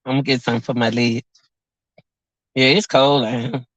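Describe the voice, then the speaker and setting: A woman's voice: extremely low pitch, steady tone, normal speed, dry recording, dull audio. A woman of about forty chatting on her vlog, laughing often and joking, outdoors by a car on a cold windy day. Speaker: vlog host. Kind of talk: casual livestream chat.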